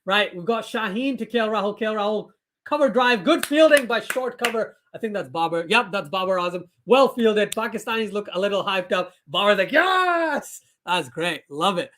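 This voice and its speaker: A man's voice: high voice, fairly quick. A young man hosting a live cricket watchalong, giving casual commentary and reading out viewer comments in a chatty way. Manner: chatty, reads viewer comments aloud, bursts into excited shouts.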